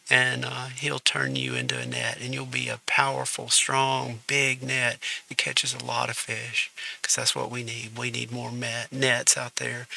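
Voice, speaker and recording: Man, faith vlog host, earnest, halting, very gravelly, sharp bright tone. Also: medium pitch, rough recording. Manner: earnest, halting, repeats his words as he restarts. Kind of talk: casual faith vlog monologue.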